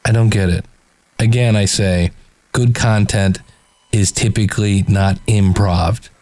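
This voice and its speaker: A man's voice: on the low side, fairly even intonation, unhurried, a little mellow. A man hosting, giving sardonic, exasperated commentary on clips he plays, often stammering as he restarts sentences. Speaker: host reviewing a podcast. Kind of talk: critical commentary over played clips.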